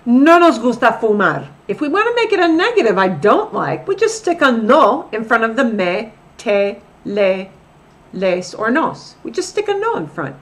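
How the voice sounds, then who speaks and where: A middle-aged woman teaching a recorded language lesson, explaining slowly and repeating each example sentence deliberately. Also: on the high side, big pitch swings. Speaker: Spanish teacher.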